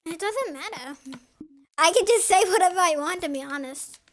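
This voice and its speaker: A woman's voice: extremely high pitch, expressive, normal speed. A woman hosting a casual gaming session, teasing her friends and laughing often. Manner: giggly, teasing. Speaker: gaming channel host.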